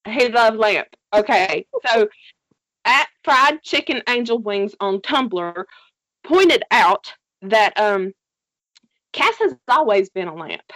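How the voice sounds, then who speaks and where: A woman's voice: medium pitch, animated, slow pace, fairly bright tone, no room sound. A woman casually recapping a TV series with a co-host, telling it animatedly, swearing freely and laughing often. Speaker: podcast co-host.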